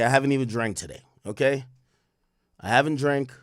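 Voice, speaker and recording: Chatting freely on a laid-back stream, the young host responds to his chat as messages pop up, reading them aloud, and he's anxious his voice might give out. He speaks fairly quickly in a mid-range voice, captured in studio quality with no echo.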